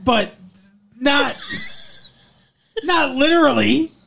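A man co-hosting a podcast, chatting casually and sarcastically about a TV episode, with plenty of swearing and deadpan asides. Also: very high-pitched, drawn-out words, gravelly. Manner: sarcastic, profane, quotes characters in flat asides. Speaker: podcast co-host. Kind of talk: casual chat recapping a TV episode.

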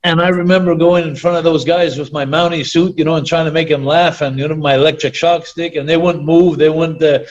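A man's voice: on the high side, steady tone, a little fast, few pauses, dull audio. A man with a French Canadian accent, a native French speaker, chatting as an interview guest and rambling with many restarts and fillers. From Quebec, Canada. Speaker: retired pro wrestler guest. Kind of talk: casual interview chat.

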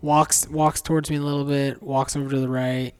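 A man on a hunting podcast, calmly telling his story step by step in casual chat. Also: mid-range voice, fairly quick, clear, resonant tone. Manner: relaxed, plays the scene out step by step. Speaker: podcast co-host and hunter.

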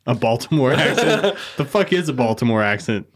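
A man's voice: medium pitch, big pitch swings, a little fast. A man swearing freely and laughing often in casual podcast banter with friends.

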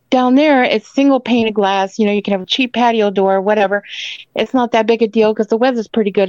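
A woman's voice: fairly high pitch, a little mellow, dry recording. Woman rambling through a story, dull lo-fi. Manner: rambling and emphatic, tags lines with "okay?". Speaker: caller telling an encounter story. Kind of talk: emotional first-person storytelling.

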